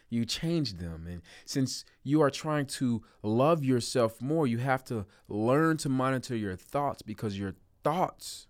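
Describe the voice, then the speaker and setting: A man delivers a motivational self-help talk straight to his audience. He is earnest and coaching, and he often repeats a phrase or stretches a word to drive a point home. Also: medium pitch.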